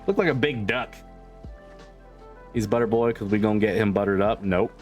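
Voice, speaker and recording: A streamer chats casually with his livestream viewers, laughing often and swearing freely over soft background music. His lowish voice moves at a moderate pace, and the highs are cut off.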